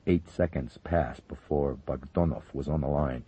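A man reading a thriller audiobook in a steady, measured voice. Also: a bass voice, breathy edge, dry recording. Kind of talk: audiobook narration. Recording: dull, dry recording.

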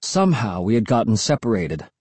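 A man narrating an audiobook in an expressive, suspenseful storytelling manner. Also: lowish voice, a little fast, breathy edge, no echo. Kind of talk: scripted narration.

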